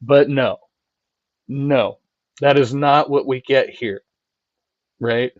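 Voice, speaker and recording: A man hosting a live stream, rambling in a loose conversational way, tagging his points with "right?" and swearing freely. His recording sounds dry and a little dull, with no room around it. He speaks at a middling pitch for a man. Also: slow pace, long pauses, no room sound. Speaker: streamer and channel host. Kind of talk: casual live-stream commentary, reading chat.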